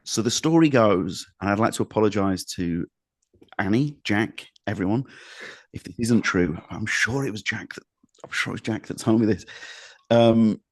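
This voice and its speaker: A man's voice: lowish voice, moderate pace, no echo. Dry-sounding man spinning a story. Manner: rambling anecdotal storyteller, restarts and hedges. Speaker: podcast co-host. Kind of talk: casual podcast chat.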